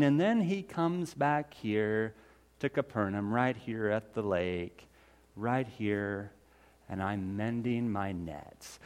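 A man playing the fisherman Peter, telling a Bible story in the first person in a folksy, conversational way that swings from loud to hushed. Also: mid-range voice, close to an everyday voice. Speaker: storyteller in character.

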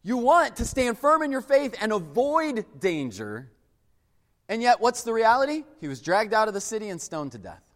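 A man delivers a sermon in a high, lively voice that leaps up and then falls to a near hush for emphasis. His words ring out with a long reverb, as if from a large hall. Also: normal speed. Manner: animated, emphatic preaching with sudden drops to quiet. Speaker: pastor.

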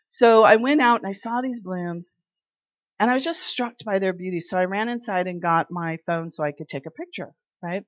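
A woman sharing personal faith testimonies in an animated way, acting out the dialogue in her stories. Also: medium pitch, no echo. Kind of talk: personal devotional storytelling. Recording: dry, slightly dull lo-fi sound.

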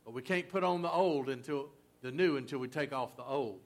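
A man's voice: medium pitch, fairly quick. A man preaching a sermon in a folksy, conversational way, full of fillers and asides. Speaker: pastor.

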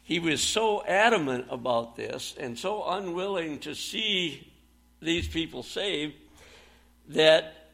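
Gravelly-voiced man preaching a sermon. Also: a little high, a bit bright.

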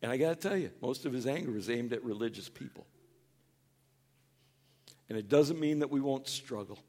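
A male pastor delivering a sermon in an earnest, conversational way, with a voice of middling pitch for a man. He talks with his listeners rather than at them, leaning into quoted lines with a livelier tone and easing down to a quieter delivery when he turns tender. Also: moderate pace. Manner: animated, acts out quoted voices in a higher, louder tone; earnest and conversational, drops soft for tender points.

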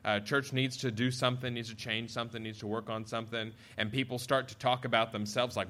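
A man preaching a sermon as a pastor, lively and animated, acting out sarcastic quotes and reading scripture aloud. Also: medium pitch, fairly quick, hardly any pauses.

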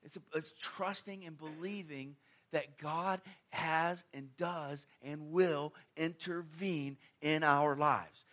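A man delivers a sermon conversationally and emphatically, rattling off rhetorical questions and swinging between loud, stressed phrases and quiet asides. His voice is slightly high and his pace slightly slow.

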